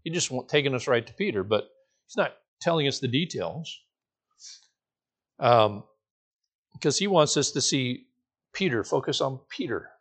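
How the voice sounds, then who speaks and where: A man preaching a sermon. He is animated, jumps into the voices of the people in the story and often restarts his sentences. His pitch is middling. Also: a little slow, long pauses, slightly rough. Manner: animated, acts out the quoted voices, frequent restarts. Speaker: pastor.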